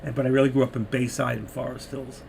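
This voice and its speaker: A man's voice: mid-range voice, level tone, quick pace, gravelly, a little mellow, a little hiss or hum. An older man with a New York accent, chatting through stock trades on a live stream and reading viewers' messages, losing his voice. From New York City. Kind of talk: live market commentary.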